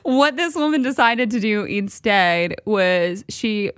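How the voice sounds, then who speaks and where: A woman's voice: mid-range voice, expressive, slow, a bit bright, clean tone, no echo, clean studio sound. A young woman telling a story in casual chat, laid-back and laughing.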